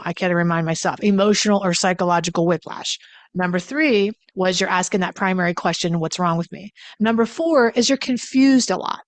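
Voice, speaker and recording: A woman's voice: on the low side, no room sound. A woman giving casual relationship advice to camera in a blunt, emphatic way, swearing freely and repeating words for stress. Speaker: relationship coach.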